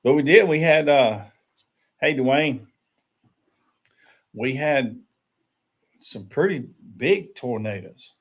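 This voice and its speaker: A man's voice: medium pitch, lively intonation, takes it slowly, long pauses. A man hosting a casual morning chat livestream from a small shed, greeting viewers by name and laughing often. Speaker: livestream host. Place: small shed used as a tiny house.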